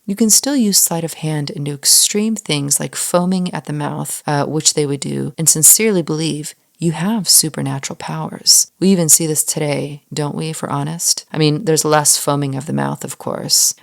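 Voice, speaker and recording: A woman with a deep, low-pitched voice walks listeners through ancient sources on a scripted teaching podcast. She explains things in plain terms and slips in dry, joking asides. The sound is close and dead, with no room around it. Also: gravelly, dry recording. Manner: explanatory, with wry humorous asides. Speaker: podcast host teaching on the Bible.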